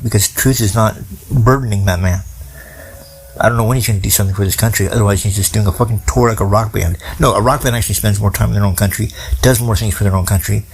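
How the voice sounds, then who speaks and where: A man's voice: fairly low pitch, vocal fry, husky. A man in his forties delivering a profane, rambling political rant in casual streetwise slang. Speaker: commentator.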